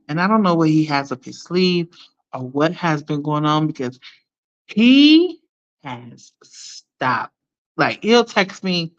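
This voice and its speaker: A woman with children chatting casually to viewers on a live stream, animated and blunt, laughing often and using slang. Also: fairly low pitch. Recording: dull lo-fi sound.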